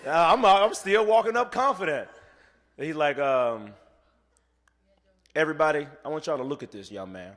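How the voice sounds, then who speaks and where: Male keynote speaker with a slightly high voice who tells stories and plays every voice, from hushed to booming, in a hall with long reverb. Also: animated, normal speed, pauses often. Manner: storytelling, swings from soft to loud; acts out quoted voices. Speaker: motivational speaker. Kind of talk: keynote speech.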